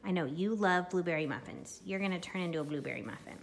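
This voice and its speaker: A woman's voice: on the low side, sing-song, fast, hardly any pauses, roomy sound, slight background noise. A mother in her home kitchen filming her toddler, talking to him in a playful, coaxing sing-song. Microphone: handheld camera taping.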